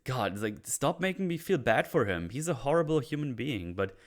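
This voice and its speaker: A man in casual chat, recapping a TV episode in a profane, excitable way and slipping into the characters' lines. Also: mid-range voice, fairly quick.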